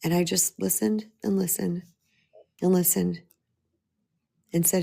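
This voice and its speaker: A woman's voice: lowish voice, fairly even intonation, a little slow, gravelly, mellow, husky. A middle-aged woman speaking as a spiritual empowerment coach, earnest and emphatic, often repeating her key phrases. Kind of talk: motivational talk.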